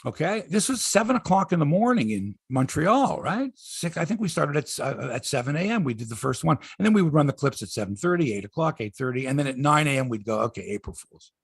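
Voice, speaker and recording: A man in his sixties hosting a sports podcast, telling stories in a casual, animated way and acting out quotes. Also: a little high, fast, hardly any pauses, breathy edge, no echo, studio quality. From Canada. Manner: animated storyteller, acts out quotes, swears freely. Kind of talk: casual sports chat and storytelling.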